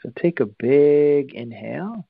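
A man guiding listeners through a breathing exercise, calm and instructive, with long pauses. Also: fairly high pitch, gravelly, breathy edge, dry recording, phone-quality sound. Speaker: breathing teacher.

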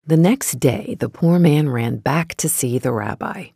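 A storyteller telling a folktale in a steady, gentle storybook narration. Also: mid-range voice, unhurried, gravelly, slightly rough, dry recording, studio quality.

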